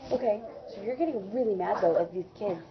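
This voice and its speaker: A woman's voice: mid-range voice, fairly quick, lo-fi sound, very noisy. A woman teaching first graders in a classroom, patiently prompting them with questions and praise. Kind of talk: classroom lesson to young children. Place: elementary school classroom.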